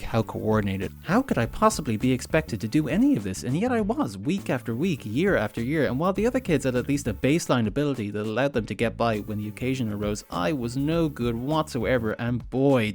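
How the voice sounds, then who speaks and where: Fast-talking Limerick Irish man, sardonic. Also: mid-range voice, big pitch swings, darkish tone. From Ireland. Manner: dry, sardonic and profane. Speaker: host. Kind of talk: comedic narrated vlog.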